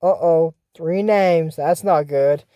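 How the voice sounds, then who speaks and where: A woman's voice: sits low, slow pace, mellow, no room sound, clean studio sound. A woman casually recapping a cartoon episode, rambling and joking in asides. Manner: rambling, jokey, trails off into asides.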